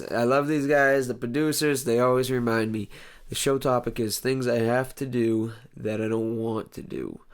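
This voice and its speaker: Hoarse sarcastic man hosting a talk show. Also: mid-range voice. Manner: sarcastic, rambling, deadpan jokes with mock outbursts; clears throat often. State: hoarse, lost voice. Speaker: host. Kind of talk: comedic solo talk show monologue.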